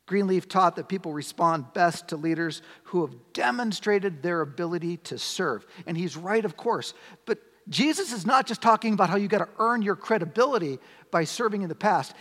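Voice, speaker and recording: A man's voice: sits high, lively intonation, moderate pace, a bit bright. A man preaching a sermon as a pastor, conversational, asking the congregation rhetorical questions. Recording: long hall reverb.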